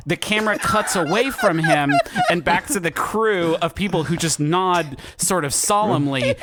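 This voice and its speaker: Animated man recapping a film. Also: sits high, normal speed, background noise. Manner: excited storytelling, laughing, swearing. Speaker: podcast co-host. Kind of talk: casual podcast recap.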